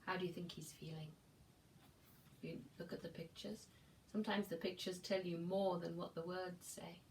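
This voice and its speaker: A woman preschool teacher reading a picture book aloud and gently asking the children questions about it. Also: lowish voice, little pitch movement, normal speed, distant mic, a little hiss or hum.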